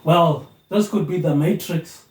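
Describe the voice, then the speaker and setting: A man's voice: fairly high pitch, measured pace. A man vlogging into a phone tablet without a microphone, rambling on and tagging his lines with a slangy "mate, eh". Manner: meandering, tags lines with "mate, eh". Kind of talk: rambling solo monologue. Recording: echoey room, no mic.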